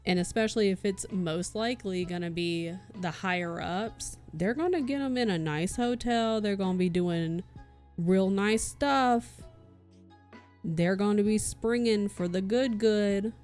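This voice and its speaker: Over soft background music, a woman streamer with a medium-pitched voice chats casually at a measured pace, swearing freely as she does cross stitch and reads her chat.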